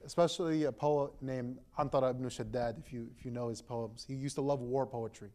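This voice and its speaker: A young man, an imam, retelling a story to a gathering in a relaxed, conversational way, full of fillers and restarts. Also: medium pitch, fairly quick. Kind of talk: casual storytelling talk.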